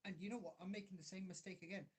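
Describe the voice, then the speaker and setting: Husky English guy rambling while soldering. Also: high-pitched, fairly even intonation, racing. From England, grew up in Derby. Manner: self-mocking, swears a lot, many restarts. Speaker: hobbyist video maker.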